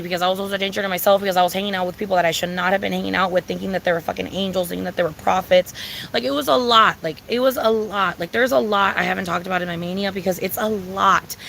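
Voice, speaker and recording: Young woman, casual vlog rant, bright forceful voice, heated and profane, faint background noise. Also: medium pitch. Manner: heated, profane, repetitive ranting. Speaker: vlogger.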